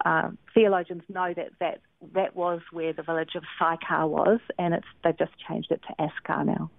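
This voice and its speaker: A woman guest author on a radio show, explaining things in a gentle, careful way. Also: lowish voice, dry recording. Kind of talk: on-air conversation. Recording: tinny phone line.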